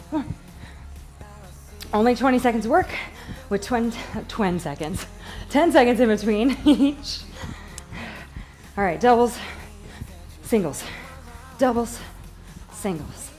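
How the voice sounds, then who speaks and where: A woman's voice: medium pitch, a little mellow. A woman leading a workout as fitness instructor, upbeat and encouraging, counting reps and getting out of breath. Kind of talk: live workout coaching.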